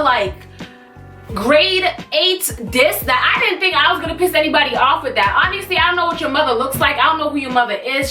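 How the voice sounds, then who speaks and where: A young woman in her twenties, a vlogger telling a storytime tale in an animated, sassy way with blunt slang. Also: high voice. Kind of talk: storytime vlog. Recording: echoey room, mic at a distance, faint music.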